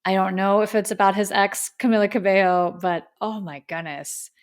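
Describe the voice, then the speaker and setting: A woman's voice: mid-range voice, fairly even intonation, normal speed. A woman hosting a casual music review podcast, talking in an effusive, heartfelt way and often saying "like.". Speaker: podcast host.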